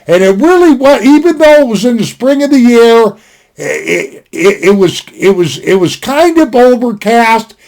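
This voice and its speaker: A man with a fairly high voice tells a rambling, folksy story at his desk. He restarts his sentences often and wanders into asides. His delivery stays casual and conversational throughout. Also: animated, a little slow, gravelly, darkish tone. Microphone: desktop recording.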